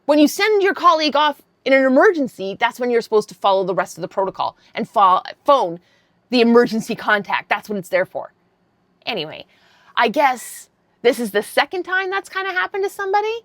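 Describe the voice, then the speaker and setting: A woman's voice: a little high, fairly quick, dry recording, studio quality. A woman in her fifties telling a story in a casual vlog, blunt and given to swearing. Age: 50s. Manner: blunt and swearing, animated retelling. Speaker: vlogger.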